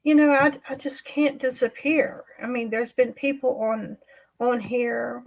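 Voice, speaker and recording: Lady on a livestream, kinda high voice, talks in fits and starts and repeats herself. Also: steady tone, vocal fry, low-quality recording. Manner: halting, repeats herself, trails off. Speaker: livestream host. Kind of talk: emotional personal livestream chat.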